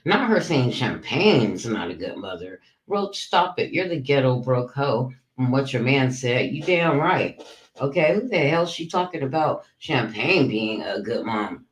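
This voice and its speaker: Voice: medium pitch, big pitch swings, measured pace. Livestream host, heated profane rant, talks to chat, roomy echo. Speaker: livestream commentator. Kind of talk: ranting livestream commentary.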